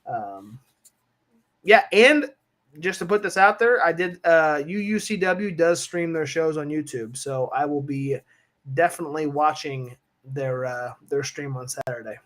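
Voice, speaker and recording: An easygoing man runs through a wrestling card on a live stream, dropping plenty of fillers along the way. His voice sits a little higher than most men's. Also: animated, a little slow, fairly bright tone. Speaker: podcast co-host. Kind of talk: casual live-stream chat.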